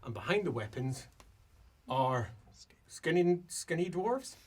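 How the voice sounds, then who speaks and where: A man's voice: on the high side, slow pace, husky. A man narrating as a playful game master. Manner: lively, playful, laughing narration.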